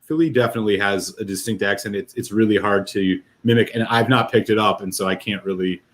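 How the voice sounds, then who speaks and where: A man talking in a relaxed, easygoing way as a guest on a casual chat, laughing often and using lots of fillers. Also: lowish voice, fast. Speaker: guest whisky reviewer.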